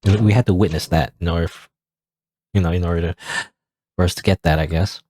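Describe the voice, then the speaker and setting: A man's voice: low-pitched, steady tone, fast, a little mellow, dry recording. A young man casually commenting while playing a game, musing aloud with restarts. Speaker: let's play gamer. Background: faint game synth music.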